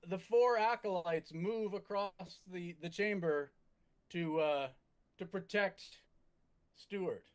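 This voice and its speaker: A man narrating a tabletop game as its game master, measured and halting, with frequent restarts. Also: sits high.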